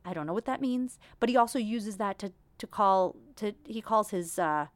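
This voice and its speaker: A woman's voice: medium pitch, expressive, normal speed, no room sound. A woman in her thirties hosting a casual solo podcast, talking candidly in a chatty, self-deprecating way. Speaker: podcast host.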